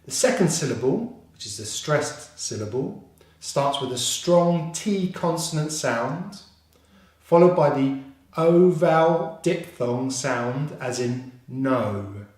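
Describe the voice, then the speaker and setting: A man with a British accent teaching English pronunciation, slowly repeating each sound and encouraging his learners. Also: fairly high pitch, expressive, a little mellow. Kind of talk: pronunciation lesson. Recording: very echoey room.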